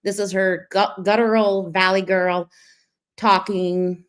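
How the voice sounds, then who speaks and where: A young woman streamer gives gossipy running commentary on a clip. Her tone is sarcastic and critical, and she sounds casual and chatty with her viewers. Her voice sits in a middle pitch. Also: level tone, takes it slowly, clear, resonant tone.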